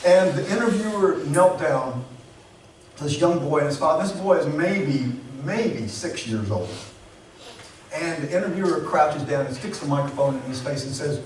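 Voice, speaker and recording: A man pastor preaches in an earnest, measured way, leaning on pauses for emphasis. His somewhat high voice is picked up from a distance. It rings through a very echoey church hall with a faint hiss behind it. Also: lively intonation, darkish tone. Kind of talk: sermon. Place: church sanctuary.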